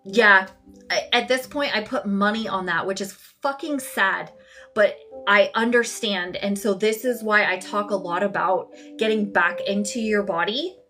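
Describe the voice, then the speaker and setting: A woman hosts a casual live coaching session, speaking straight to her viewers. She is blunt and swears freely, in a middle-pitched voice with soft music playing faintly behind her. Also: a little slow.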